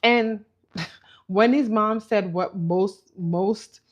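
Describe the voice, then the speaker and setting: This woman's mid-range voice moves very slowly as she gives casual commentary as a reality TV recap host, animatedly recounting events and imitating what people said. A little hiss or hum is audible.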